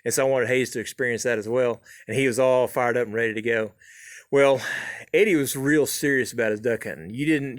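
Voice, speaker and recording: A middle-aged man spins a folksy tall tale in an easygoing drawl, stringing it along with "and so." His voice sits at an ordinary middle pitch. It is recorded close and dry in a small home studio. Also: dry recording. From southern Oklahoma. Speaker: storyteller host.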